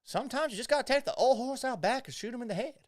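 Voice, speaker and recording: A man putting on a mock Southern accent as a folksy old Southern gentleman. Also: extremely high pitch, animated, rapid-fire, pitched above the performer's own voice. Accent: put-on Southern US. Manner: mock-genteel drawl.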